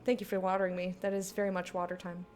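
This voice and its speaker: In a very noisy recording, a woman in her thirties streams a game with casual let's play commentary, chatting, giggling often and reading the game's lines out loud. She speaks quickly in a fairly low, level voice.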